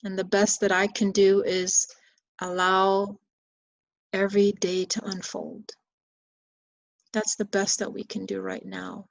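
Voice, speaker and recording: A woman as a meditation teacher, giving a guided bedtime reflection in slow, soothing, repeated phrases. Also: medium pitch, vocal fry, dry recording, lo-fi sound.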